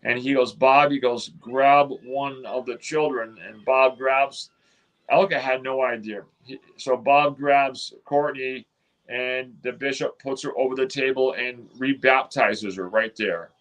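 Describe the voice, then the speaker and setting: A man's voice: mid-range voice, fairly even intonation, measured pace, a bit bright, poor audio. A man, telling a long story in a casual interview, rambling with many restarts and quoted dialogue. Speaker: interview guest.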